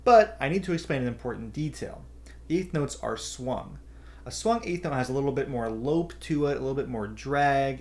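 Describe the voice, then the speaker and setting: Gravelly-voiced man teaching ukulele. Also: medium pitch, lively intonation, a little fast, a little mellow. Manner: patient, step-by-step, counts beats aloud. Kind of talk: instructional explanation. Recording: ukulele playing throughout.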